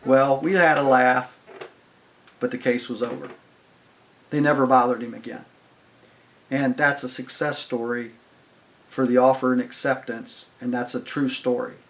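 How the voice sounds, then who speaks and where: A man's voice: mid-range voice, steady tone, normal speed, long pauses, a bit bright. An older man casually telling a long anecdote in a rambling, conversational way, full of fillers and "I was like". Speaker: channel host telling stories. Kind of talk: casual storytelling.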